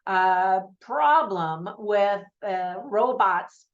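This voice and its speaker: An American woman talks through a movie review in a relaxed, conversational way, wandering into little asides as she goes. Her voice sits at an ordinary middle pitch. The recording sounds a bit dull and lo-fi. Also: drawn-out words. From United States. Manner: chatty and conversational, with frequent fillers and asides. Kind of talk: casual spoken movie review.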